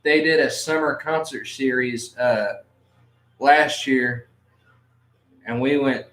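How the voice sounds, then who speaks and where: A man's voice: medium pitch, fairly even intonation, slow, a bit bright. A man co-hosting a podcast in casual chat, telling stories with crude humor and acting out his own reactions. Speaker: podcast co-host. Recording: echoey room.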